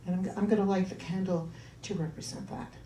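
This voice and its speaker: A woman's voice: fairly low pitch, steady tone, brisk, background noise. A woman minister giving church announcements and a sermon, chatting with the congregation. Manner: chatty, warm asides to congregation. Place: church hall. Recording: roomy hall, voice from far off.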